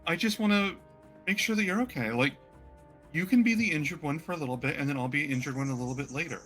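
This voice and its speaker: A man voicing a gentle, doting female centaur newlywed in a tabletop game, with a soft, sweet, fussing way of talking. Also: a little high, quick pace, faint music behind, voice pushed up, lightly acted.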